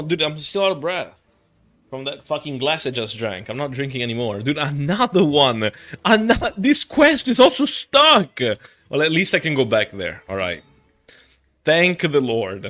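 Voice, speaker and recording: A man's voice: a little high, fairly bright tone. Rambling, joking young man streaming a game. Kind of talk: casual livestream chat.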